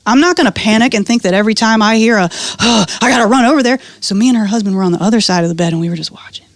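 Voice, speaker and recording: Animated storytelling woman, dry sound. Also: mid-range voice, very fast, dry recording. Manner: animated, profane, acts out voices in anecdotes. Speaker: podcast guest, comedian and doula. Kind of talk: casual storytelling chat.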